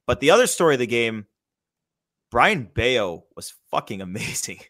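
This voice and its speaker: A man's voice: mid-range voice, big pitch swings, moderate pace, a bit bright. A man casually chatting about baseball as a podcast host, enthusiastic and loose, with the odd swear. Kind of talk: casual sports chat.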